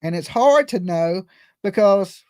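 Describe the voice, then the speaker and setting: A man's voice: high voice, lively intonation, measured pace, a little mellow, no room sound, clean studio sound. A man hosting a true-crime livestream, talking in a casual, rambling and earnest way and often repeating himself.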